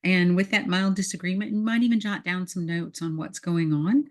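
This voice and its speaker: A woman's voice: fairly low pitch, moderate pace. A woman leadership coach talking listeners through an exercise step by step, repeating key words for emphasis. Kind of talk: guided exercise instruction.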